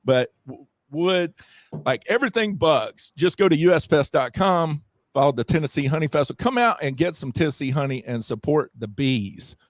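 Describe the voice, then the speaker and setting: A fairly high-voiced man with a drawl talks up his festival with eager, repetitive energy. The sound is dry and close. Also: lively intonation, moderate pace, dry recording. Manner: enthusiastic, promotional, repeats phrases. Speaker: festival organizer guest. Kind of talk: casual interview chat.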